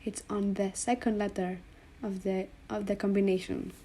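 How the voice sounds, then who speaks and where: Woman, language teacher, slow and patient, mellow tone, faint room noise behind. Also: medium pitch, little pitch movement. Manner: slow, patient, spells out sounds and repeats them. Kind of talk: explaining letters on a board.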